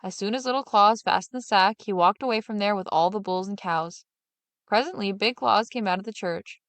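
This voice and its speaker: A woman reading a fairy tale aloud in steady, expressive narration. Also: mid-range voice, brisk, dry recording. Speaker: storyteller.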